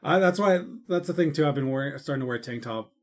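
A man's voice: a little high, lively intonation, fast talker, darkish tone. A young man in casual chat with a coworker, laid-back and swearing, acting out quotes. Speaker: coworker chatting.

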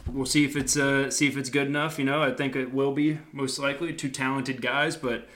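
A man's voice: mid-range voice, level tone, a little fast, a bit bright, slight background noise. A young man hosting a casual podcast, talking in a rambling, laid-back, self-mocking way. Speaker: podcast host.

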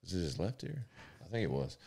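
A man who works as a sheriff's deputy, telling profane jail and patrol stories in a casual, animated way. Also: low-pitched, fast talker, vocal fry, slightly rough. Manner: profane, animated storyteller, loud when acting out the chase. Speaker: sheriff's deputy in livestock division. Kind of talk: casual storytelling.

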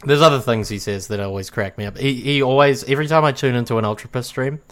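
A man's voice: mid-range voice, quick pace, a bit bright. Laughing, swearing New Zealand man. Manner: laughs often, swears freely. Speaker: podcast guest, streamer. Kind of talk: casual chat.

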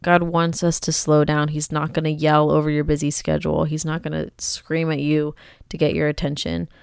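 A woman's voice: low voice, completely flat delivery, normal speed, gravelly, a little mellow, clear, resonant tone, dry recording, clean studio sound. A young woman hosting a faith podcast, talking in an earnest, conversational, encouraging way. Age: young adult. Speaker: podcast host.

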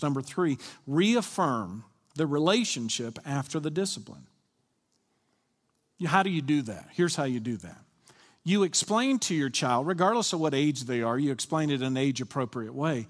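A man's voice: a little high, fairly bright tone, big-room sound. A man, a senior pastor, giving a conversational sermon and often asking the congregation questions. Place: church sanctuary.

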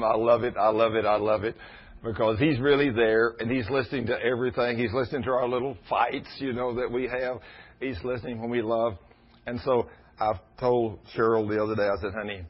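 A middle-aged man, preaching a storytelling sermon in a folksy, animated way. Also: on the low side, breathy edge. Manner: folksy, animated, laughs at his own stories. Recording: dull lo-fi recording.

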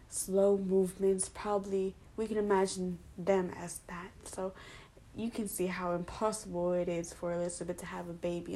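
A woman with a mellow, warm tone retells a Bible story in a relaxed, informal way. She keeps dropping in "basically", "like" and "you know" as she goes, talking like a friend leading a study group. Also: medium pitch.

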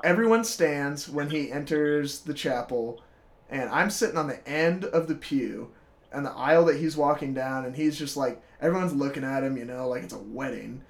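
A man's voice: mid-range voice, expressive, moderate pace. A young man in his twenties telling a story in casual chat, laughing often, swearing and acting out quotes.

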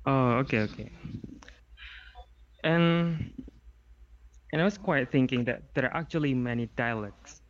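A man's voice: medium pitch, measured pace, pauses often, lo-fi sound. A man moderating a casual student discussion, asking inquisitive questions.

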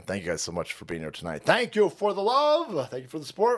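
A man's voice: fairly high pitch, huge pitch swings, rapid-fire, few pauses. A man hosting a livestream, ranting in a crude, mocking way and often laughing. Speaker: streamer host.

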